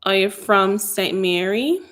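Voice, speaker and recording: A woman from Jamaica with a Jamaican accent, hosting a live stream about hair care and answering viewers' questions in a sassy, animated, chatty way. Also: mid-range voice, slow. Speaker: hair care channel host. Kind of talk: casual live-stream Q&A chat.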